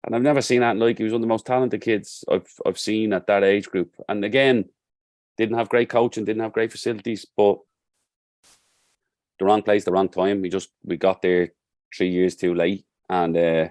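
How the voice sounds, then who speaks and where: A man's voice: lowish voice, little pitch movement, normal speed, a little mellow, dry recording, clean studio sound. A man with a Dublin accent, a football coach talking as a podcast guest and telling stories in an earnest, heartfelt way. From Ireland. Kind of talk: casual podcast conversation.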